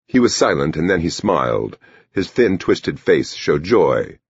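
Male audiobook narrator, gravelly and lively, muffled dry recording. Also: extremely low pitch, measured pace, no room sound. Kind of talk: scripted narration. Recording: dull lo-fi recording.

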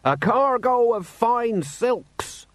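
A man voicing a self-righteous male merchant who shouts complaints in a slow, whiny voice. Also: extremely high pitch, animated, no room sound, pitched above the performer's own voice, exaggerated voice. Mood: indignant.

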